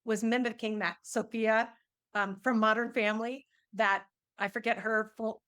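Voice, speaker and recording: A woman's voice: a little high, little pitch movement, normal speed, fairly bright tone. A middle-aged woman, an energy healer, telling a personal story in an interview and acting out the quoted dialogue with animation.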